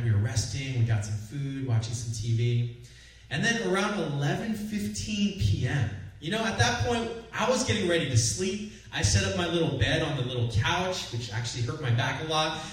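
A young man, a pastor, telling a personal story in a sermon with lively build-ups. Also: a little high, a little fast. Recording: echoey room from far off.

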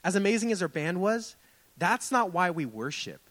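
A man's voice: high-pitched, very animated, normal speed, a bit bright, poor audio. A young adult man preaching a sermon in a church sanctuary, impassioned and rising and falling in emphasis. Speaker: pastor.

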